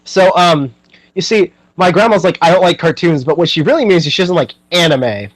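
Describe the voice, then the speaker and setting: Young man, podcast host, casual animated chat, slightly higher voice, dry close sound. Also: moderate pace, no echo, low-quality recording. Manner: chatty and animated, many fillers, laughs often.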